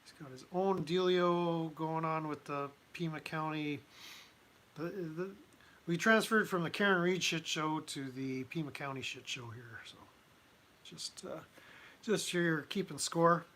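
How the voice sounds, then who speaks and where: A man hosting a casual commentary livestream, talking in a halting way with many restarts and fillers. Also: a little high, bright, forceful tone. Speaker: livestream host.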